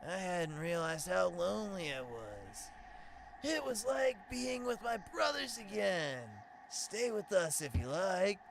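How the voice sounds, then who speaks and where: A man voicing a gentle old male bug nailmaster who speaks in a calm, measured, reflective way. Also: high voice, gravelly, background noise, full character voice.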